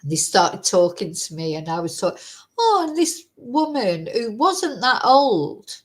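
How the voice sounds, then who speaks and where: A woman's voice: mid-range voice, very animated, unhurried. Woman, English accent, chatty, rambling, casual vlog reaction. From England. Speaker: vlogger.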